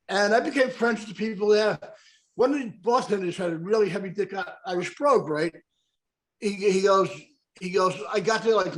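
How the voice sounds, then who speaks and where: A man's voice: high-pitched, rough recording. A man hosting a casual podcast interview, rambling and chatty, often tagging questions onto his sentences. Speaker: podcast host.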